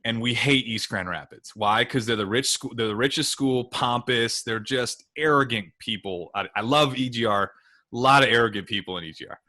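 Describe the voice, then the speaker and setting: A man from Michigan co-hosting a podcast, telling stories in a casual, animated way with quick asides. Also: mid-range voice. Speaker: podcast co-host.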